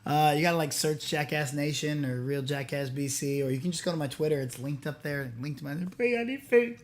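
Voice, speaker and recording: A man co-hosting a casual show, joking in a deadpan, repetitive way and plugging his socials. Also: fairly high pitch, fairly quick. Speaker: co-host. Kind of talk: casual podcast banter.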